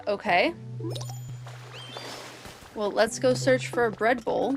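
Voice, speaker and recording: A woman streaming a video game, chatting casually and reacting with excited gasps and squeals. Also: a little high, slow, over music. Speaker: streamer and biologist. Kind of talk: casual let's-play commentary.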